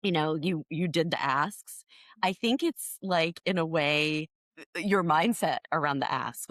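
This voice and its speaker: A woman's voice: low voice, a little slow, a bit bright, no echo. A woman hosting a podcast interview, chatty and enthusiastic, with lots of "like" fillers. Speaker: podcast host. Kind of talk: casual interview chat.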